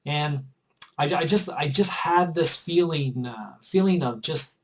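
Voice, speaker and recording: A man's voice: fairly high pitch, lively intonation, measured pace, low-quality recording. A man vlogging, earnestly telling a personal story in a chatty, repetitive way. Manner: earnest and chatty, often repeats himself. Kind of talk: casual storytelling to camera.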